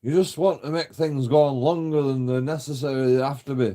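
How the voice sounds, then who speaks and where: A man mimicking an irritated female police officer, shrill and indignant, in a casual vlog. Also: steady tone, fairly quick, mellow, close to an everyday voice.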